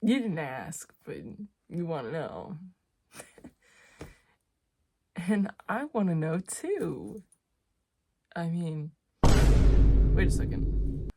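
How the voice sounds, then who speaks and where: A young woman chatting casually in her vlog, playful and rambling, with sudden loud exclamations. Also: deep voice, sing-song, drawn-out words, long pauses, background noise. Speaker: vlogger.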